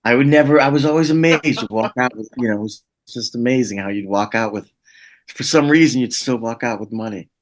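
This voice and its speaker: A middle-aged man, a guest telling animated anecdotes in a casual interview. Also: mid-range voice, fairly quick. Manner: animated anecdotes, acts out voices.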